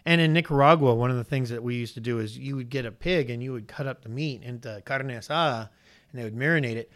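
A man preaching a sermon to a congregation, animated and questioning, his pitch rising sharply on points of emphasis. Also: fast. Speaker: pastor.

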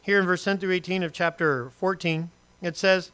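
A man preaching a sermon, reading scripture and acting out voices with humor and lively asides. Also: high-pitched, normal speed, clear, resonant tone. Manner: animated, acts out quotes and asides with humor. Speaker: pastor.

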